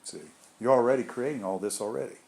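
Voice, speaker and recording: A man with a mid-range, darkish voice talks fast as he gives a group an informal spiritual talk. As their leader, he rambles in a chatty way, frequently restarting and going off on asides.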